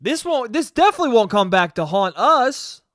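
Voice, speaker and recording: High-voiced, profane ranting man. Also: sing-song, normal speed, fairly bright tone, no echo, clean studio sound. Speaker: podcast host. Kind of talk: solo comedic podcast monologue.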